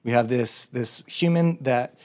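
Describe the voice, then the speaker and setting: A man's voice: mid-range voice, a little slow, a little mellow. A man as a podcast guest, talking earnestly and casually about personal growth, laughing often. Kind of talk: casual conversation.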